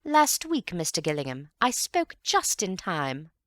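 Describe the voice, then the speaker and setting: Woman doing a fussy society mother, high and swooping, emphatic, gossipy, dry close sound. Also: big pitch swings, measured pace, no room sound. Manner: emphatic, gossipy and self-important. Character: gushing, indignant middle-aged society mother. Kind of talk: audiobook character voice.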